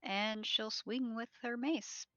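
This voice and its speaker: Woman, tabletop player, slow, bright, smooth voice, dull lo-fi call audio. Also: fairly high pitch, steady tone, no room sound. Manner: measured, describes her character's moves. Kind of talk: playing a tabletop game online.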